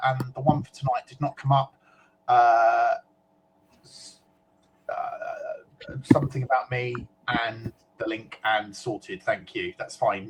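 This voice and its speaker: A man's voice: mid-range voice, slight background noise, rough recording. A man from the UK co-hosting a casual web chat show, reading out viewer comments in a chatty way with fillers and small asides.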